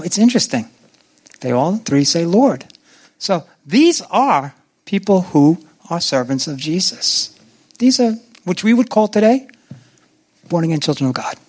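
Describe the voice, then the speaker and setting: Male preacher, high-pitched, lively sermon delivery, puts on voices for scripture. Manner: animated, acts out biblical voices with swings in pitch; asks the congregation questions.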